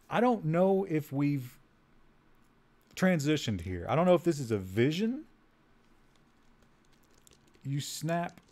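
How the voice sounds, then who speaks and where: A man's voice: medium pitch, a little mellow. A man streaming, reading out a text adventure game aloud, often laughing at it and trailing off while he types. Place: home streaming setup.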